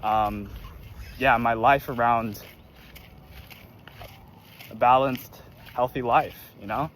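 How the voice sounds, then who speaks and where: A man's voice: medium pitch, fairly even intonation, takes it slowly, fairly bright tone. A young man in casual reflective chat, earnest and full of "like", filmed outdoors. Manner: earnest, filler-heavy with frequent "like". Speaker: vlogger. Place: outdoors near traffic. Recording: outdoor street noise.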